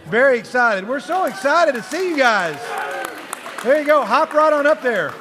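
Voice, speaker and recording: A man's voice: extremely high pitch, big pitch swings, normal speed, big-room sound, over music, crowd noise. A man hosting a live youth group show, playful and chatty, coaxing kids along with encouragement.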